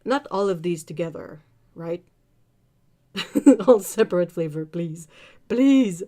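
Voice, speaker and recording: A woman's voice: on the low side, measured pace, warm tone. A woman from Britain hosting a casual art livestream, reading viewer comments aloud, chatting and laughing often. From United Kingdom.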